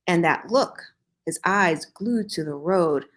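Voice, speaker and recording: Woman host, lowish voice, unhurried dramatic read-aloud with wry asides. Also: lively intonation. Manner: slow, dramatic reading with joking asides. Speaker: host reading fan fiction aloud. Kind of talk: casual reading aloud with asides.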